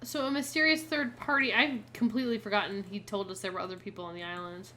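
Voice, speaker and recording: A woman's voice: mid-range voice, fairly even intonation, fast, pushed and bright, slight background noise. Chatty woman narrating her gameplay. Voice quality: chatty, musing aloud. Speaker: gameplay streamer. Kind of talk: casual let's-play commentary.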